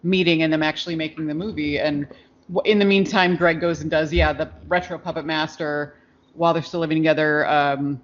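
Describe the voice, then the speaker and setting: Co-host, chatty and rambling, mid-pitched, dull lo-fi podcast audio. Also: fairly even intonation, fairly quick. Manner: rambling, many fillers and restarts. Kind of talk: casual chat about a film.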